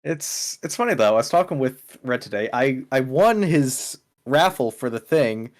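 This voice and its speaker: A man who chats casually on a stream, joking in a rambling, deadpan way. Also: medium pitch, moderate pace. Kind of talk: casual gaming chat.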